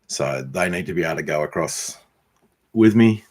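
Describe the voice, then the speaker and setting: A man's voice: rumbling low, animated, darkish tone, slightly rough. A man with an Australian accent chatting casually to his viewers, answering comments with lots of ums and some friendly teasing. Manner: unhurried, frequent ums, teasing viewers by name. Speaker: YouTube homesteader and blacksmith answering viewer comments. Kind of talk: casual livestream chat.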